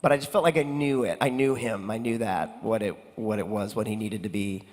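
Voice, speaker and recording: A man's voice: lowish voice, a little fast. Man rambling on a convention stage. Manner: rambling, many fillers and restarts. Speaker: actor on a convention panel. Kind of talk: panel storytelling. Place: convention hall. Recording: long hall reverb.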